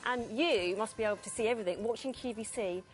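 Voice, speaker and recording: A woman presenting on a shopping channel, bubbly and quick, reading out prices and item numbers. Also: fairly high pitch, music in the background.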